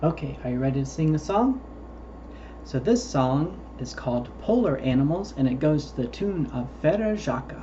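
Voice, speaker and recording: A man's voice: a little high, expressive, normal speed, dark tone, muffled recording, a little hiss or hum. A man hosting a children's storytime, reading picture books aloud and patiently explaining words for small children. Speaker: storytime host reading to preschoolers.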